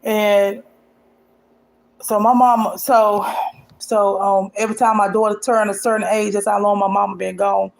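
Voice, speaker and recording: A woman's voice: mid-range voice, little pitch movement, normal speed, vocal fry. A woman telling a painful personal story to her vlog audience in a rambling, emotional, colloquial way. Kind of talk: casual storytelling.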